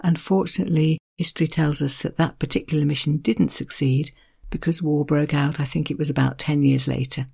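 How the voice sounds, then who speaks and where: Gravelly, mellow podcast narrator. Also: mid-range voice, fairly even intonation, brisk. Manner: wry, self-deprecating asides. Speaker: podcast host. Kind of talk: scripted literary narration.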